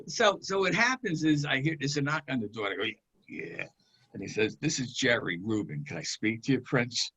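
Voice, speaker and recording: An older man, a regular panelist, telling a long anecdote in an unhurried way, chuckling as he goes. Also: mid-range voice, expressive, sharp tone, breathy edge, dull audio. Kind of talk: anecdote storytelling.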